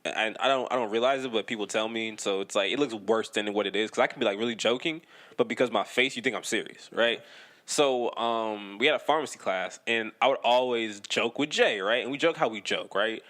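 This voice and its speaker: A man's voice: fairly low pitch, a little fast, fairly bright tone. A young man co-hosting a podcast, telling a story in casual chat, swearing freely, laughing often and tagging his sentences with "right?". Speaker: podcast co-host.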